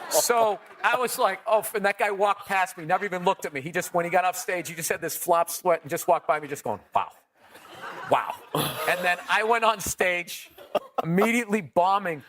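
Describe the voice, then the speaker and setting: Profane, animated man telling stories. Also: high-pitched, moderate pace, long pauses, slight background noise. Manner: profane, animated storyteller, laughs at his own stories. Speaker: comedian guest. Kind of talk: storytelling in casual podcast chat.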